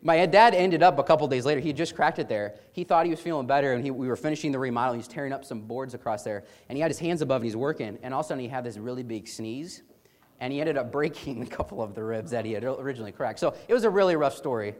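A man's voice: mid-range voice, fast, darkish tone. A man casually telling an amused personal anecdote with many restarts. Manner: chatty, amused, frequent restarts. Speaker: storyteller.

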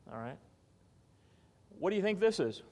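Animated man preaching a sermon. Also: sits high, moderate pace. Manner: animated teaching, asks the audience questions. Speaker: pastor.

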